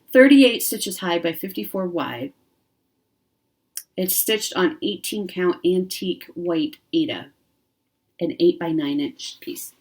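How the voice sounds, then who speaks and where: A woman hosting a craft video, chatting casually and rambling enthusiastically through a magazine. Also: lowish voice. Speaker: craft channel host.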